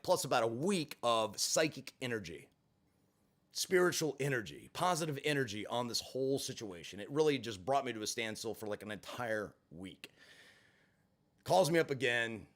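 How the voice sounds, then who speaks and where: A man hosting a livestream, telling a story in a casual, blunt and profane way, swinging from flat to heated. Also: medium pitch, normal speed. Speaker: livestream host.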